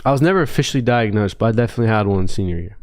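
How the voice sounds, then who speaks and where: A man co-hosting a casual sports talk show, quick to tease and push back. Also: fairly low pitch, animated, darkish tone. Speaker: podcast co-host.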